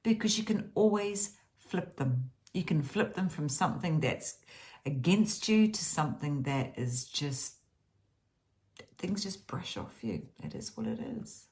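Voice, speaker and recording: A woman with a low voice talks through a gratitude routine in a casual self-help style. She is earnest and rambling, often restarting and repeating her words. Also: animated, unhurried, a little mellow.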